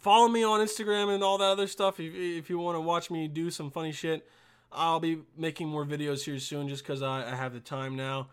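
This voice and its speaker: A young man hosting a podcast in a casual, rambling monologue, swearing constantly and swinging between mumbles and loud outbursts. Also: on the high side, little pitch movement, brisk, smooth. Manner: profane, rambling, jokey. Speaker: podcast host.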